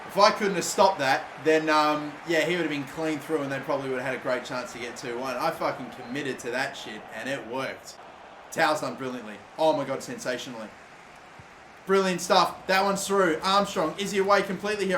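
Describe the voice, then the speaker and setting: A young man with a high, sharp, bright voice commentates his football game, cursing at his players and shouting when it goes wrong. He sounds exasperated and fast to boil over. The recording is roomy and echoey, with a faint hiss of noise underneath. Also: lively intonation. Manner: swearing, exasperated, shouts at mistakes. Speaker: gaming YouTuber.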